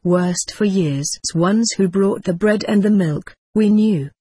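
A man reading a storybook aloud as narrator, in a measured, gently expressive way. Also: sits high, breathy edge, no room sound.

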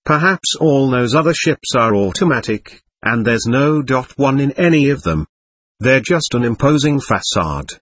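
A man's voice: medium pitch, expressive, measured pace, fairly bright tone, dry recording. A man voicing an eager, speculative young male aide in an audiobook.

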